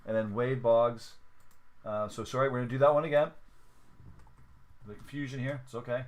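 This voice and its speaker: At a moderate pace, a man with a steady, mid-range voice runs a sports card break livestream, talking casually, counting steps aloud, and apologizing for his errors. The recording has its highs cut off.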